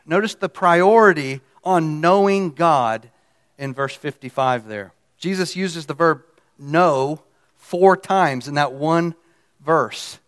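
Slow, earnest male Bible teacher. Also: fairly high pitch, fairly bright tone, clear, resonant tone. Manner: earnest, emphatic, repeats key words, self-corrects. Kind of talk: sermon-style Bible exposition.

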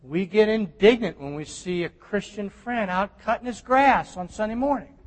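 A man preaching a sermon with emphatic, animated delivery that swings from loud stresses to hushed asides. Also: high voice, moderate pace. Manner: animated, emphatic preaching with sudden drops to near-whisper. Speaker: pastor. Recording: long hall reverb.

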